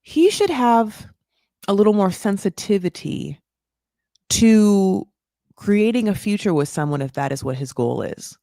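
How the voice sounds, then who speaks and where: A woman in her thirties hosting a casual recap, chatty and swearing, with lots of "like" and sudden jumps in pitch for emphasis. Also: a little slow, no echo, clean studio sound. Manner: lively, jumps high for emphasis. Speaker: recap podcast host. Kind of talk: casual chat.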